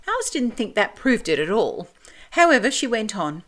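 A woman reading a classic children's story aloud in a clear, measured, expressive way. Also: on the low side.

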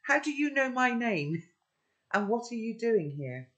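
A man's voice: very animated, a little slow, a bit bright, exaggerated voice. A man reading aloud and voicing a young girl who is startled but stands up for herself in short, pointed questions. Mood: indignant. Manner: high, questioning, defiant.

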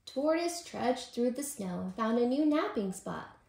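Expressive, unhurried woman reading a bedtime story. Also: on the high side, gravelly, a little hiss or hum. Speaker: preschool teacher. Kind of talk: storybook read-aloud. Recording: roomy echo.

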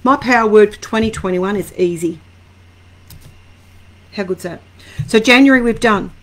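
A woman's voice: mid-range voice, normal speed. Chatty Australian woman reading angel cards. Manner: chatty and warm, greets viewers by name, rambling asides. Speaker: angel card reader. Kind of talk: casual live-stream card reading.

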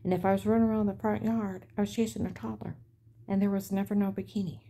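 A middle-aged woman talks straight to the camera and rambles through her story in an aggrieved, indignant voice. Her tone is warm and mellow, never bright, even when she is fired up. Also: medium pitch, quick pace. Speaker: vlogger.

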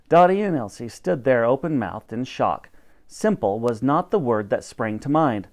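A man reading a children's chapter book aloud as storyteller, expressive and theatrical. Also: moderate pace. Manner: expressive, animated, lowers voice for narration.

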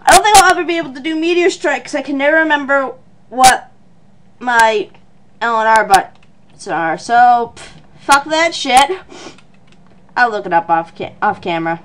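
A woman playing a video game for a let's play, excitable and loud, yelling at the screen, swearing, and mumbling through on-screen text. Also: high-pitched, normal speed, long pauses, low-quality recording. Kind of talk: excited gaming commentary.

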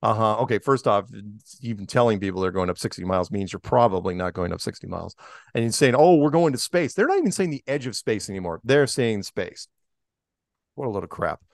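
A man's voice: on the low side, lively intonation, fast talker, creaky, no echo. Rambling man, dry close sound. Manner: rambling, many fillers and restarts. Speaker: guest. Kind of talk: casual interview talk.

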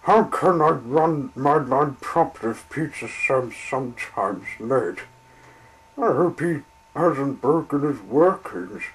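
A man's voice: medium pitch, expressive, slow, breathy edge, pitched above the performer's own voice, low-quality recording. A man voicing a fussy, eager little steam engine in a children's story. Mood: fretful.

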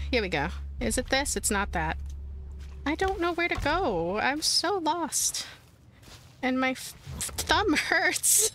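A woman's voice: on the high side, bright, forceful tone, a little hiss or hum. A woman playing a horror game, chatting casually to her viewers and shrieking and giggling when startled. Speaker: let's play host. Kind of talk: casual gameplay commentary.

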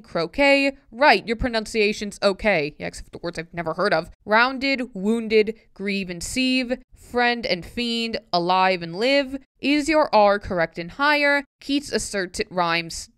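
A woman's voice: mid-range voice, a bit bright, clean tone, dry recording, studio quality. A woman vlogger reading a tricky pronunciation poem aloud, word by word, with puzzled, self-mocking asides in between.

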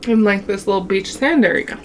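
A woman's voice: mid-range voice, fairly quick, a little hiss or hum. A young woman from Wyoming telling a childhood story to her viewers in a chatty way, calling them y'all and laughing often. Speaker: mukbang vlogger.

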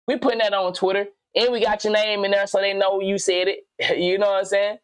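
A man giving casual reaction commentary on a video, slangy and animated, rambling and swearing as he thinks aloud. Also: high-pitched, a little fast, clear, resonant tone, dry recording.

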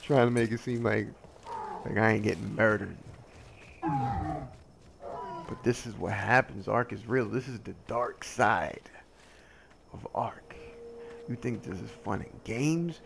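Gravelly man rambling over gameplay. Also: on the low side, a little slow, background noise. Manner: rambling, joking, easily sidetracked; excitable, yelps when attacked. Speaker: gamer playing a survival game. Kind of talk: casual gameplay commentary.

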